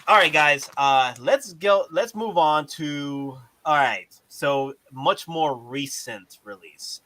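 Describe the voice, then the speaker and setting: A man hosting a casual collectibles chat, animated, repeating himself and swearing casually. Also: medium pitch, low-quality recording. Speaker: host.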